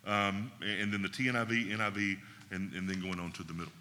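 A man's voice: sits low, steady tone, quick pace, pushed and bright, long reverb tail. A man teaching a Bible class in a conversational way, often checking in with his listeners.

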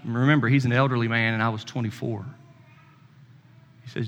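A pastor in his thirties tells a personal story from the pulpit in a folksy, conversational way. He acts out the other person's lines as he goes. His mid-pitched voice rings out with the long reverb of a church hall. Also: level tone, brisk, pauses often, fairly bright tone. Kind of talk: sermon with storytelling.

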